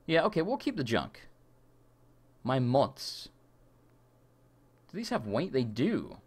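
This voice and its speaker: Male streamer, animated pitch, casual gameplay chatter with frustrated outbursts. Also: husky. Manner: chatty, quick to rant and swear in frustration. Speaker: gaming streamer. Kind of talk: live let's-play commentary.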